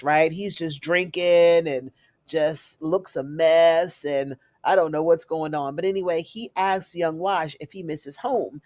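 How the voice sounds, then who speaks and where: A woman giving a chatty, animated recap of a TV episode, calling her listeners "honey" and "y'all". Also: sits low, dry recording. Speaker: recap host. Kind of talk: casual TV recap.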